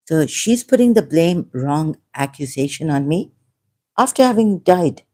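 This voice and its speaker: A woman's voice: sits low, expressive, a little slow, mellow. A woman talking in an unscripted monologue as an online commentator, impassioned and rambling, often repeating herself.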